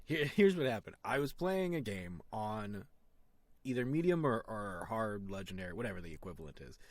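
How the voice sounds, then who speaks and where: Animated young man telling a story. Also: lowish voice, moderate pace, no room sound. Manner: animated storytelling, acts out quotes. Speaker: podcast co-host. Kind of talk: casual podcast chat.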